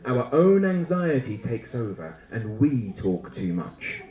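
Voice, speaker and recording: A man lecturing a room of teachers with a lively, swinging delivery and a playful sense of humour. His voice carries through a roomy, echoey hall. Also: mid-range voice, slow pace. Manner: animated, humorous, acts out student and teacher voices. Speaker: conference speaker.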